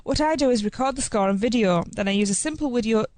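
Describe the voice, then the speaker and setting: A woman's voice: a little high, quick pace, darkish tone, no room sound. A woman co-hosting a podcast, reading out a listener's trip report and laughing easily. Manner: giggly, easily amused. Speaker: podcast co-host.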